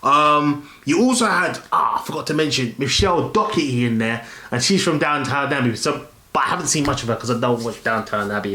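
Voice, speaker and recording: A man talks through a film review casually, in a rambling way, stopping and restarting often. His voice sits at an ordinary middle pitch. The room around him gives a noticeable echo. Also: lively intonation, a little fast, hardly any pauses, bright, forceful tone, slight background noise. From London, England. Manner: rambling, many fillers and restarts.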